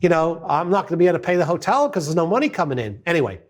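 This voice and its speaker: A middle-aged man telling a business success story as a lively, anecdotal monologue, acting out the quotes. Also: on the high side, racing.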